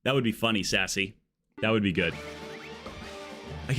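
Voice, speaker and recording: A man's voice: fairly low pitch, moderate pace, over music. A man streaming a game live, chatting casually in a rambling, jokey way that drifts off on tangents. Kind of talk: casual live-stream chat while gaming.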